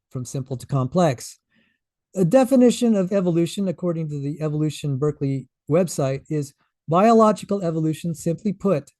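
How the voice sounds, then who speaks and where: A man's voice: high voice, dark tone, dry recording. A man giving a conference lecture, reading out paper titles and repeating key phrases for emphasis. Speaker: conference presenter. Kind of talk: lecture presentation. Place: conference hall stage.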